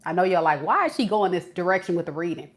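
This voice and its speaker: A woman's voice: on the low side, lively intonation, fast talker. A woman tarot reader giving a casual, chatty reading to her viewers, acting out quoted voices and laughing at herself. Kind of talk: casual spiritual reading to camera.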